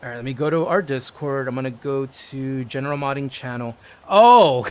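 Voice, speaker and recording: A man's voice: medium pitch, steady tone, brisk, smooth. A man streaming a modded game, chatting casually with viewers and reading their chat messages aloud.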